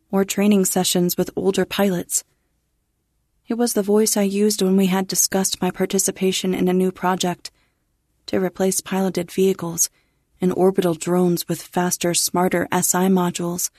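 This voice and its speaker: A woman narrating a first-person science fiction story in a measured, restrained way. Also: on the low side, warm tone, dry recording, clean studio sound.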